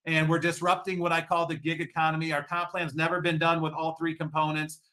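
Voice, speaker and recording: A man delivering an upbeat sales presentation. His voice is bright and sits a little high. He poses rhetorical questions to the crowd and answers them himself. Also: monotone, brisk. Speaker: company executive giving a sales pitch.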